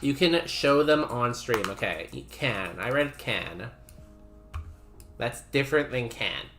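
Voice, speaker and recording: A man's voice: mid-range voice, expressive, takes it slowly, fairly bright tone, a little hiss or hum. A man streaming a game, chatting casually and rambling while he reads messages from chat aloud.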